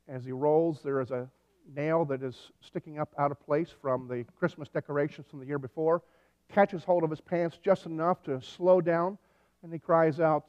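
A pastor preaching a sermon in a conversational way, with dry humor and animated storytelling. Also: male voice, a little high, normal speed. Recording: dull recording with long hall reverb.

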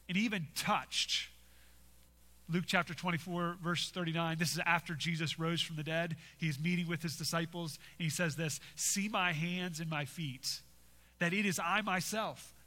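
A man's voice: sits high, pushed and bright. A man preaching an expository sermon, emphatic, often repeating and restarting phrases and asking "right?". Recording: long hall reverb.

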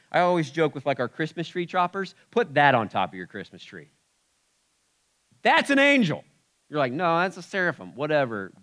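A man preaching a sermon in an animated way, acting out the cries he describes. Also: a little high. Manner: animated, acts out the creatures' cries. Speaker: pastor.

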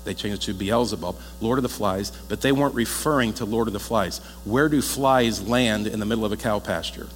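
A man preaching a sermon as a pastor, talking in a lively, conversational way and joking with the congregation. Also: lowish voice, fairly quick, few pauses. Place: church hall. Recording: echoey hall with faint mains hum.

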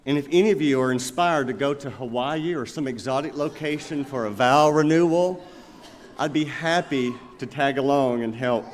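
A male pastor preaching a sermon, telling stories and slowing down to stress his points. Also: medium pitch. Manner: storytelling, emphatic, with slow pointed phrases. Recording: long reverb of a large hall.

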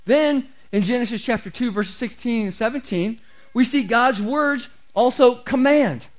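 A man's voice: very high voice, unhurried, rough recording. A man preaching a sermon as pastor, emphatic and repeating key phrases for stress.

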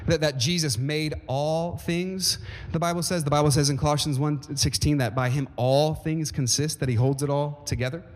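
A man's voice: fairly high pitch, steady tone, normal speed, slight background noise. A man preaching a sermon as pastor, speaking emphatically and often asking the congregation questions. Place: church sanctuary. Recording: long reverb of a church hall.

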